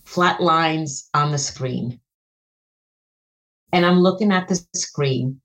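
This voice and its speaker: A middle-aged woman, appearing as a guest and author, earnestly shares an emotional personal story at a slow pace. Her voice jumps high as she relives certain moments.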